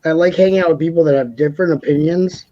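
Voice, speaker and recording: Chatty male co-host, a bit high, loose and repetitive, muffled stream audio. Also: steady tone, quick pace, warm tone, no echo. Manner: rambling, repeats words, laughs often. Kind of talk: casual panel chat.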